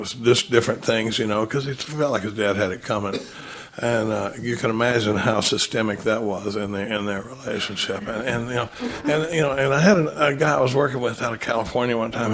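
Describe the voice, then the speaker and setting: A man's voice: mid-range voice, husky. A man giving a recovery talk, telling stories and acting out what others said. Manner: storytelling, animated when quoting others. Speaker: recovery speaker.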